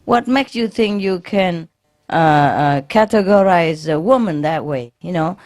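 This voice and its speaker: Woman doing an exasperated blonde woman, protesting, slow and halting. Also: lowish voice, darkish tone, natural voice. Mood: indignant. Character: indignant blonde woman customer and heckler.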